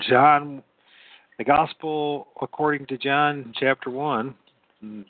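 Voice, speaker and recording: With background noise and a tinny, phone-like sound, the recording captures a podcast host during his casual late-night call-in chat. He talks slowly in a steady, mid-range voice, meandering, repeating words, and laughing easily.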